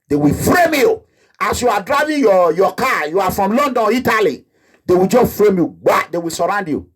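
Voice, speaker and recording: A man's voice: high voice, lively intonation, moderate pace, a bit bright, husky. A Nigerian man with a Nigerian accent in an impassioned, rambling monologue, indignant and acting out the people he quotes. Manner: rambling, indignant, breaks into laughter and acts out quoted voices. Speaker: activist.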